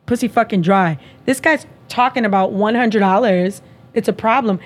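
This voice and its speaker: A woman hosting a podcast, telling a dating story in casual chat, animated and profane, acting out both sides of the conversation. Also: medium pitch, moderate pace. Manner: animated, profane, acts out dialogue. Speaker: podcast host.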